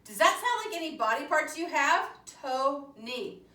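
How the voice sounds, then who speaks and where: A young woman teaching a preschool circle-time lesson. She talks in a sing-song, animated way and leads the children in call-and-response chants. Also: high-pitched, unhurried. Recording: roomy echo from a distant mic.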